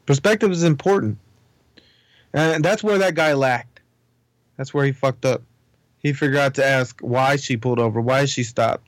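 A man's voice: mid-range voice, dry recording, low-quality recording. A man in casual chat, giving blunt, profane opinions.

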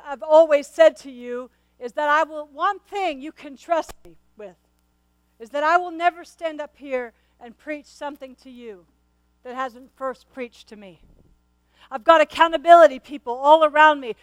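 A woman's voice: sits high, normal speed, no echo, low-quality recording. A middle-aged woman pastor preaching a sermon and telling a personal story to her congregation. She talks in an earnest, conversational way and often repeats and restarts her words. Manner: speaks to the congregation directly.

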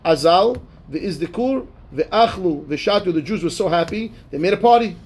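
Casual male Talmud teacher with a high voice who reads the Aramaic text and then explains it in plain English. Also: animated, moderate pace, darkish tone, breathy edge. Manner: casual, checks in with "right?" and "okay". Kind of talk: Talmud class, reading and translating.

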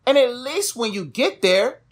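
A man's voice: extremely high pitch, lively intonation, measured pace. Emphatic preachy young man. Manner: emphatic, preachy, repeats phrases for stress. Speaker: podcast co-host. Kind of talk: casual motivational talk.

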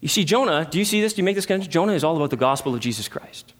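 A man's voice: on the high side, animated, racing. A man preaching a sermon as pastor, emphatic, with rhetorical questions and repeated phrases.

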